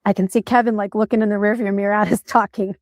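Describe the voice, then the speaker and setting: A woman in her forties tells a personal story, earnest and emotional as she goes back over it. Her voice sits at a middling pitch and sounds dry and close. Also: fairly even intonation, fast talker, dry recording. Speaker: storyteller in a played clip. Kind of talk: personal story told to camera.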